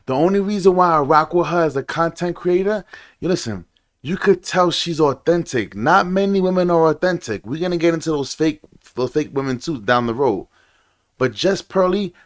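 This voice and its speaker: A young man hosting a reaction video, ranting casually and swearing often. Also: on the high side.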